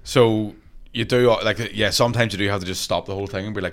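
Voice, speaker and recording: A stand-up comedian tells profane stories in a casual podcast chat, laughing through them as he goes. His voice is on the low side, fast, with fairly even intonation.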